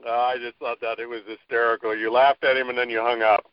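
A man's voice: mid-range voice, level tone, fast, smooth, dry recording. A man hosting an interview, asking long, encouraging questions that draw the guest out. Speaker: interview host. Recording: dry, dull lo-fi audio.

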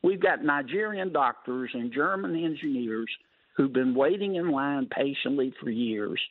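A man's voice: medium pitch, lively intonation, measured pace. A man, a senator guesting on a talk radio show, talking in a folksy, wry way with colorful sayings. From Louisiana. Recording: phone-line call-in.

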